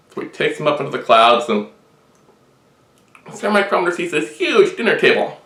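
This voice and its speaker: A man telling a long shaggy-dog joke with deadpan storytelling. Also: on the high side, a little fast. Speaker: joke teller. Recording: roomy echo.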